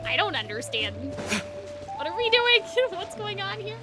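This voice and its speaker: Very high-voiced rambling woman streamer. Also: very animated, normal speed. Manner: rambling, swears freely, laughs at her own jokes. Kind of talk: casual game commentary. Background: game music.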